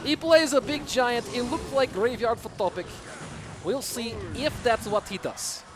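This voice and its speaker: A man's voice: extremely high pitch, unhurried. A man doing a mock Russian esports caster. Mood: playful. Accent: put-on Russian. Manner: drops articles, broken English for effect. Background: music.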